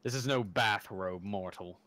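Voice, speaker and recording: A man's voice: fairly low pitch, unhurried, pushed and bright. A man doing a haughty divine being.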